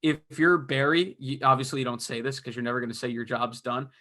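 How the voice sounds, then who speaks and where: A young man co-hosts a casual hockey podcast, rambling through game analysis full of fillers and restarts. He talks fast in a mid-range voice with a sharp tone.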